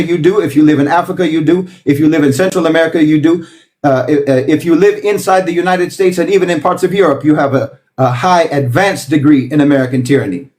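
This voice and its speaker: A man's voice: fairly high pitch, darkish tone. A man giving an impassioned political talk, emphatic and lecturing, piling up repeated phrases. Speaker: political commentator.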